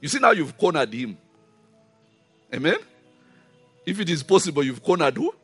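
A man's voice: on the high side, moderate pace, slightly rough, dry recording, faint music behind. A man preaching a sermon, emphatic and full of rhetorical questions. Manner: animated, rising and falling emphasis with rhetorical questions.

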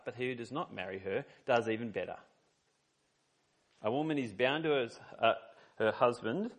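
A man's voice: mid-range voice, a bit bright. A man preaching a sermon as a pastor, reading scripture and telling personal stories in an earnest, conversational way.

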